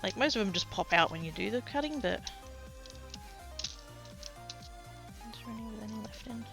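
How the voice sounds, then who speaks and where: A woman's voice: mid-range voice, vocal fry, fairly bright tone. A woman chatting casually to her livestream chat while sorting craft supplies, self-mocking and rambling. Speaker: craft streamer.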